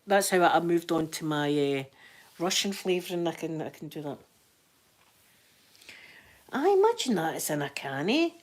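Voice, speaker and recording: A woman's voice: fairly low pitch, big pitch swings, normal speed, long pauses. A Scottish woman hosting a casual live chat with her viewers, telling funny stories, laughing often and acting out what people said. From Scotland. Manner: chatty storyteller, laughs often, acts out quoted voices. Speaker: livestream host chatting to viewers.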